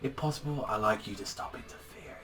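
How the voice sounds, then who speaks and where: A man voicing a calm, menacing male villain mastermind in a smooth, quiet, low voice while quoting a manga. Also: fast talker, faint music behind, natural voice. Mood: cold, calm.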